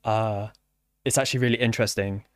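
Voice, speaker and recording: A man who develops software, talking casually and haltingly with many fillers and restarts. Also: fairly low pitch, fairly even intonation, no echo, studio quality. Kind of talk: casual conversation.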